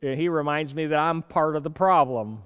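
Male preacher, lively sermon delivery, loud bursts and soft asides, smooth voice, hall echo. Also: fairly high pitch, normal speed, lo-fi sound. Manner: animated, swinging between loud urgent bursts and quiet asides, chuckling.

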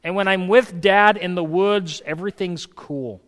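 A man preaching a sermon, moving between a loud reading of scripture and soft, hushed asides, and telling folksy stories in a conversational way. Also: high-pitched, moderate pace, big-room sound. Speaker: pastor. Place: church hall.

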